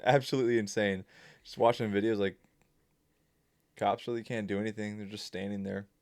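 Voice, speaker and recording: A man's voice: on the low side, steady tone, brisk, dry recording, clean studio sound. A young man co-hosting a casual sports podcast in a laid-back, offhand way, with plenty of fillers. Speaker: podcast co-host.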